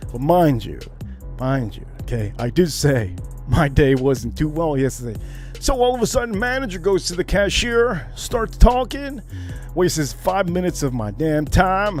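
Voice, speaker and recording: An American man hosting a livestream, telling a long casual story and repeating phrases for emphasis. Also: fairly high pitch. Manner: animated, repeats phrases, shifts into loud exclamations. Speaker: livestream host.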